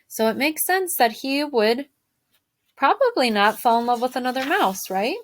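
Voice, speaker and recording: A woman's voice: sits high, normal speed. Woman teacher reading a story aloud. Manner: expressive, stops to ask the listeners questions.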